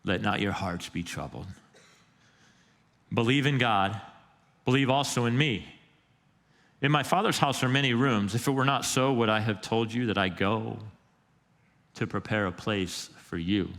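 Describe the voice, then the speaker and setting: Man playing a soft-spoken gentle teacher, low and steady, long echo of a church hall. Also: unhurried, pauses often. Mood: reassuring. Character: calm, reassuring male teacher, gentle and steady.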